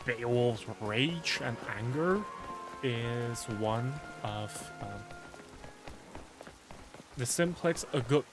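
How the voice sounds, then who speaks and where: A man talks casually as he streams a game, wandering from thought to thought and padding his sentences with filler words. His voice sits in an ordinary middle pitch. Music plays clearly behind him. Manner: rambling, heavy on filler words, musing aloud. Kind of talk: casual rambling chat during a game stream.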